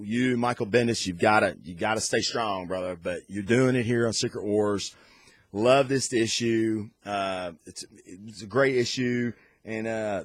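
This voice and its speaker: Enthusiastic low-voiced man reviewing comics. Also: no echo, studio quality. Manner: enthusiastic, rambling with frequent restarts and fillers. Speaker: podcast host. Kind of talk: casual comic book review.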